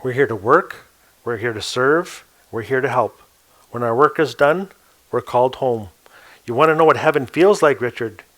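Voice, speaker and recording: Male author, animated oral storyteller; mid-range voice, acts out his characters. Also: mid-range voice, moderate pace. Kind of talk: oral storytelling to a live audience.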